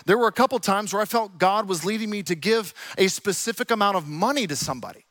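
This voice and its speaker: A young adult man preaching a sermon, telling stories with lively quoted asides. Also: high voice, quick pace, hardly any pauses, no room sound. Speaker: pastor. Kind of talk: sermon with storytelling.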